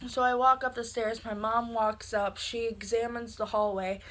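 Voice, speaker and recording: A young woman tells a personal story in a casual, animated way. Her voice is bright and sits a little high. She leans on "like" constantly as she talks. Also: normal speed. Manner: animated, filler-heavy with frequent "like". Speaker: vlogger telling a story.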